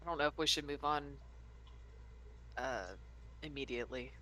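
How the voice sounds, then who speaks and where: A chatty woman player at a tabletop game with a low but bright voice. She speaks hesitantly, with fillers and restarts. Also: steady tone, moderate pace, a little hiss or hum, rough recording. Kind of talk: casual chat at a tabletop game.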